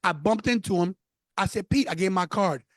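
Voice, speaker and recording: A man from New York, a podcast guest, telling stories in an animated, casual way. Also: sits high, fairly quick, no echo. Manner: animated storyteller. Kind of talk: casual interview.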